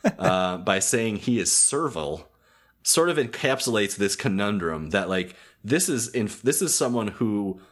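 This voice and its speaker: A young adult man hosting a relaxed podcast chat about a cartoon episode, hesitant with many ums and frequent laughter. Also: on the low side. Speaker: podcast host. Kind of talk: casual chat.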